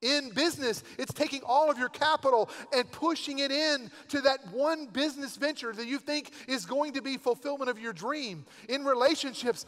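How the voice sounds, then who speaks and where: Male pastor, high voice, chatty sermon storyteller, reverberant sanctuary. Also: animated, a little fast, few pauses, a bit bright. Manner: conversational, storytelling with asides. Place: church sanctuary. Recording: long church hall reverb.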